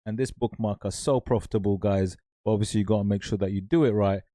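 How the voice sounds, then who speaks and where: A man's voice: on the low side, fairly even intonation, fast talker, mellow, dry recording, clean studio sound. A man hosting an online selling tutorial, hyped and repetitive, often calling out to his viewers. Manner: hyped, repetitive, keeps saying guys and right. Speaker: online seller tutorial host. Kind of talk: energetic screen-share tutorial.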